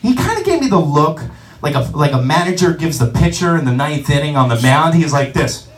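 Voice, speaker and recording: Brash, high-pitched stand-up comic in a club. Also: male voice, fairly quick. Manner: brash, profane, animated. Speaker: stand-up comedian. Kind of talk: stand-up comedy set. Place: comedy club. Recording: roomy club sound from a distance, audience.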